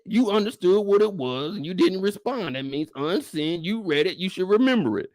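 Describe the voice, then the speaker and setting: A young man hosting a casual live recap show, joking and profane, ranting with sudden high-pitched bursts of outrage. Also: lively intonation, fairly quick, few pauses, no echo, clean studio sound. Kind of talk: animated casual recap chat.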